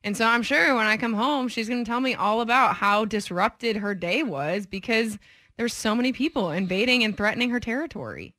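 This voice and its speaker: Woman radio cohost, bright voice, dry studio mic, laughs a lot, casual banter. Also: fairly high pitch, brisk, dry recording. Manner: chatty, self-deprecating, laughs often. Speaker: radio co-host.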